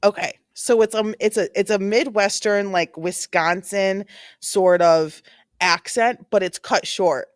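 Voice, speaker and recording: A woman's voice: medium pitch, measured pace, dry recording, clean studio sound. A woman hosting a true-crime livestream, giving casual, rambling commentary full of "like" as she reacts to a clip. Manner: chatty and rambling, heavy use of "like". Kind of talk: casual live commentary while watching a clip.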